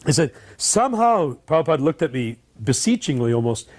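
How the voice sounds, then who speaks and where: A man's voice: on the high side, sing-song, brisk, few pauses, a little mellow. A man telling an anecdote with amusement, raising his voice for quoted lines. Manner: amused, laughing as he tells it. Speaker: disciple recalling his teacher.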